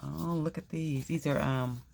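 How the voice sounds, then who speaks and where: This crafting vlogger speaks in a low, steady voice with vocal fry, a little on the slow side, against some background noise. Unboxing things at home, she chats casually and gushes, letting out gasps and exclamations and saying the same phrases over again.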